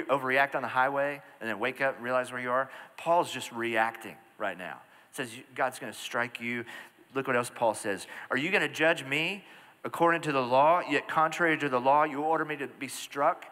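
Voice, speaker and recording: Animated male pastor preaching in a hall. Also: medium pitch. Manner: animated storytelling with asides to the congregation. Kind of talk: sermon. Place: large church hall. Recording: church hall reverb.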